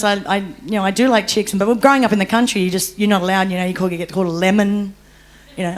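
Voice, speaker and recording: A woman's voice: mid-range voice, fairly even intonation, fast. A young Australian woman telling her own story on a discussion panel, candid, laughing often and turning tearful.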